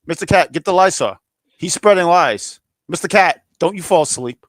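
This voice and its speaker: A man's voice: high-pitched, animated, moderate pace. A man co-hosting a casual review podcast, joking around in playful mock outrage. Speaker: co-host of a wrestling review show.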